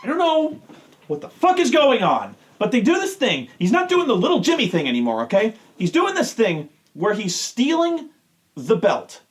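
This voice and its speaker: A man's voice: very high voice, huge pitch swings, normal speed. A man hosting a show, ranting with exasperation and heavy swearing. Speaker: show host. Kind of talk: profane rant.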